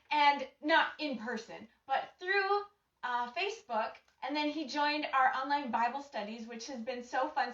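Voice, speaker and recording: A bubbly woman hosts a live cooking show from her home kitchen, her high voice bright and cheerful. She is picked up from a distance in an echoey room, and the sound is a little dull. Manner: bubbly and gushing, greets viewers by name.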